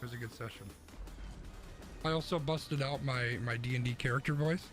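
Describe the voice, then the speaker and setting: A man's voice: medium pitch, steady tone, moderate pace, a bit bright. A young man streaming from his home setup, chatting casually with his viewers while he plays a game through a mixer-fed mic. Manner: rambling, chatty, answers chat while playing. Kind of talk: casual gaming stream chat. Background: game music and game sounds.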